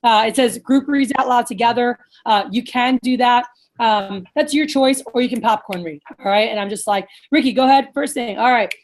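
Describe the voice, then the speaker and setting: A woman with a slightly high voice leads a casual coaching session for sales managers over a video call. She talks bluntly and with plenty of energy, drops the odd swear word, and acts out lively sales pitches. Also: normal speed.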